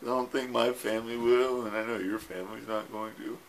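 A man's voice: mid-range voice, steady tone, fairly quick, creaky, slight background noise. A man, tearful, recording a rambling and tender video message to his wife, with fillers and swearing. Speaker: husband saying goodbye. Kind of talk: personal video message to camera. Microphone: self-recorded camera.

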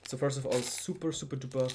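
A young man, excitedly unboxing fan mail at his home PC setup and gushing about every item. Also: mid-range voice, background noise. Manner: excitable, gushing, says "bro" often. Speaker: YouTuber.

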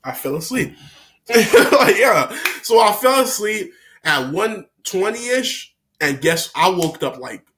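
Rambling, animated young man's storytime. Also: sits high, slow, a little hiss or hum. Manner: rambling, repeats himself, laughs often; slangy and animated. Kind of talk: casual storytime monologue.

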